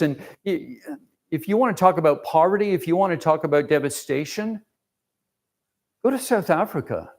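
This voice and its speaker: Gravelly man sharing a church testimony. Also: on the high side, lively intonation, normal speed. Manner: rambling, emotional storytelling with many fillers and restarts. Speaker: church member giving a mission report. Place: church sanctuary.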